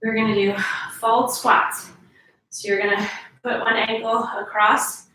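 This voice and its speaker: A woman's voice: a little high, little pitch movement, measured pace, sharp tone, very echoey, far from the mic, slight background noise, rough recording. A woman fitness instructor talking viewers through a workout, counting reps and urging them to squeeze harder.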